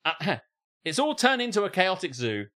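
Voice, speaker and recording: A man's voice: sits high, normal speed. A man co-hosting a comedy podcast, reading out a post and riffing on it with laughter and swearing. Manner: animated, laughing, swearing, mock voices. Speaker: podcast co-host. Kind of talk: comedic reading of online posts.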